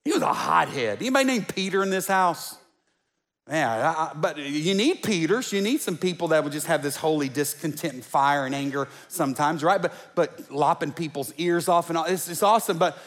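A pastor with a high-pitched voice preaching to his congregation. He talks loosely, restarts his phrases again and again, and throws in joking asides. His voice trails off into a long church-hall reverb. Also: expressive, fairly quick, a bit bright. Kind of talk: sermon.

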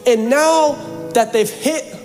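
A man from Seattle preaching in church, his voice sitting high for a man. He jokes and teases the congregation between scripture passages. His words trail off into a long church reverb, with soft music faint underneath. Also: slow. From Seattle, USA. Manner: joking, animated preaching with asides to the congregation. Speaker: pastor. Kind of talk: sermon.

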